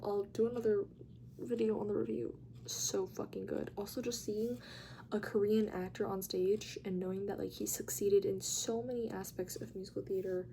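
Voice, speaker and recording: A young woman telling a story in a casual vlog, chatty and animated, with lots of "like" and free swearing. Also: mid-range voice, a little hiss or hum. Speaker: vlogger.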